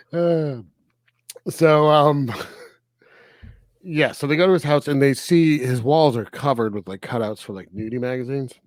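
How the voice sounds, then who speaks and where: A man co-hosting a film review podcast in casual chat, animated and laughing often as he retells scenes. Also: medium pitch, slow, long pauses, dry recording, studio quality. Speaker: podcast co-host reviewing films.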